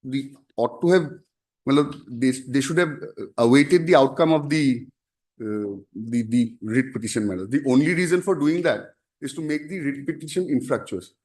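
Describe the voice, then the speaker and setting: A man arguing a case as an advocate in a courtroom, formal and halting, constantly addressing the bench. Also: medium pitch, a little mellow. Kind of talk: courtroom argument.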